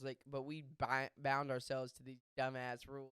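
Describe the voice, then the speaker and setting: A young man hosting a podcast, telling a story in casual chat, animated and profane with quick asides. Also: mid-range voice, clean tone, dry recording, clean studio sound. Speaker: podcast host.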